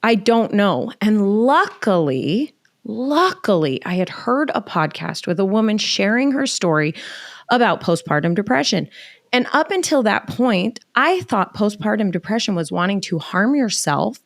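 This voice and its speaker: A middle-aged woman telling a personal story as a podcast guest, animated and emotional, acting out bits of dialogue. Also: mid-range voice, gravelly, no echo, clean studio sound. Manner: animated, emotional, quick asides with reenacted dialogue.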